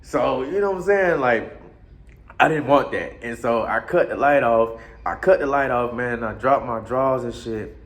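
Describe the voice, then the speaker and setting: A man telling a crude, comic story in a casual, animated way. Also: mid-range voice, moderate pace. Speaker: podcast host telling a story.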